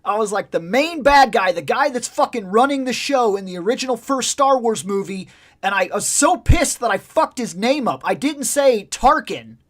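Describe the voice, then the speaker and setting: A man hosting a casual live chat show, telling stories in an animated way and swearing a lot. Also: extremely high pitch, moderate pace. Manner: profane, animated storytelling. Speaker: podcast host.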